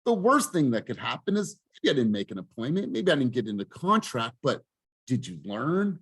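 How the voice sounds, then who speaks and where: A man's voice: mid-range voice, very animated, normal speed, breathy edge. A man leading a group coaching call, talking in a fired-up, emphatic way and swearing for emphasis. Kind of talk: motivational group coaching talk.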